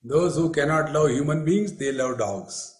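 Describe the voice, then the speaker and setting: A man teaches at a retreat and tells funny stories, acting out the people in them. His voice sits on the higher side. The room has a noticeable echo. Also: expressive, unhurried. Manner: humorous storytelling with acted quotes. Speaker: spiritual teacher. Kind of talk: spiritual retreat discourse. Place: retreat hall.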